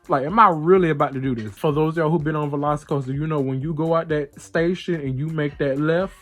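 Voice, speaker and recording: A man's voice: fairly high pitch, quick pace, hardly any pauses, soft background music. A man hosting a podcast, telling a story in a casual, playful way and acting out the voices of the people in it. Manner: animated, playful, acts out the voices in his stories. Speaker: podcast host.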